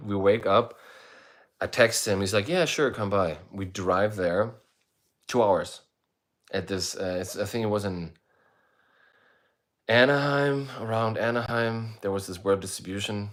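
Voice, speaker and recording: A man's voice: fairly low pitch, measured pace, pauses often, fairly bright tone. A middle-aged man who plays in a band, chatting casually on a livestream and telling a long, rambling story with free swearing. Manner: laid-back, rambling, swears freely, reads out viewer comments. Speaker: musician hosting a livestream. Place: indoors, streaming while away on travel.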